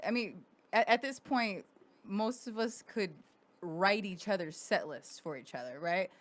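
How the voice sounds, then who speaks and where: A woman's voice: mid-range voice, unhurried. A woman hosting a podcast, gossiping in a chatty, profane way and laughing often. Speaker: podcast host. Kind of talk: casual gossip chat.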